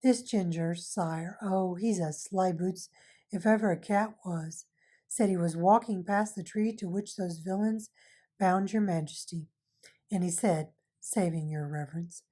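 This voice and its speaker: A woman reading aloud, voicing a loyal, gossipy male dwarf who tells a tale with relish. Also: fairly low pitch. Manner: lively, confiding storyteller.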